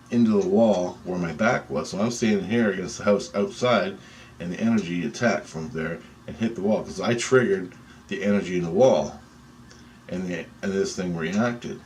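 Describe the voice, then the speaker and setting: Deep-voiced man rambling through a dream. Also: slight background noise. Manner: excitable, profane, rambling with restarts.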